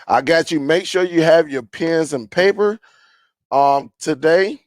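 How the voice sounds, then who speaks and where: A man hosting a casual live stream chat, greeting viewers and reading their comments aloud in a relaxed, rambling way with many fillers. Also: a little high, measured pace, dry recording.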